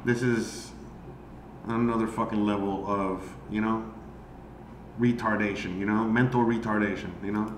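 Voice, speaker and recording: Rambling on a stream, this amateur comic swears freely and fills his rant with endless "you know"s. He speaks in a lowish, even voice at a moderate pace, pausing often, and the room echoes with a little background noise behind him.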